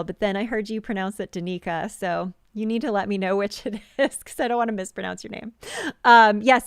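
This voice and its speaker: A jewelry designer hosts a live sales stream, chatting casually about her handmade pieces with lots of fillers and restarts. Her medium-pitched voice is clear and resonant, captured as clean studio sound with no room echo.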